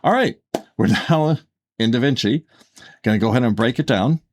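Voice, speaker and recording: Animated and speaking at normal speed, a medium-pitched man co-hosts a casual podcast. He thinks out loud in a wandering way, full of fillers and restarts as he corrects himself.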